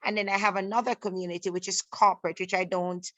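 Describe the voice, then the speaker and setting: On a casual video call, a participant, a middle-aged woman with a Jamaican accent, keeps stopping to restart her sentences amid many fillers. The voice is mid-range and level in tone, pushed and bright, and there's no room sound.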